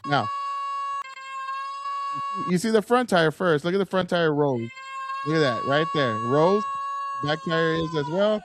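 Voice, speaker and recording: A man's voice: on the high side, animated, measured pace, pauses often, background noise. A man giving heated solo commentary to camera, swearing often and rambling with frequent restarts. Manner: profane, agitated, rambling with restarts.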